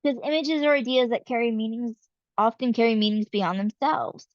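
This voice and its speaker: A woman giving a casual, explanatory literature lecture, often pausing with fillers. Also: on the high side, no echo, muffled recording.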